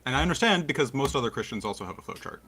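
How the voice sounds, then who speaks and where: A male caller on a live debate stream who pushes back hard and pleads with the host to talk plainly. His voice sits at a middle pitch. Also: animated, racing, pushed and bright, husky. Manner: pleading, combative. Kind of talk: argumentative call-in debate.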